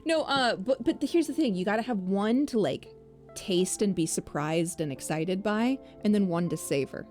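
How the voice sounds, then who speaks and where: A woman co-hosting a relaxed stream chat, talking easily and laughing often. She has the hiccups, and faint music plays behind her. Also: medium pitch, normal speed. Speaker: co-host. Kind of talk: casual chat.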